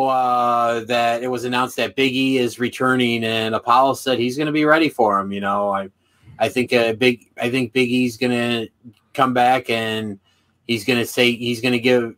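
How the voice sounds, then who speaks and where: A man on a casual wrestling podcast who talks hesitantly, often stumbling over his words and starting again. His voice sits at a middling pitch. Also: fairly bright tone. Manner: hesitant, stammering, restarts often. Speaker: podcast co-host.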